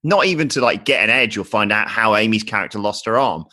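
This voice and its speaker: A man's voice: lowish voice, animated, fast talker, sharp tone. A man playing on a tabletop podcast, chatting casually, enthusiastic and rambling.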